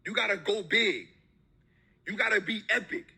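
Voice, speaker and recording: A man with a fairly high, very bright voice, edged with a husky grain, gives a motivational talk. He drives his points home with repetition and slangy, emphatic street talk. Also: moderate pace. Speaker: motivational speaker.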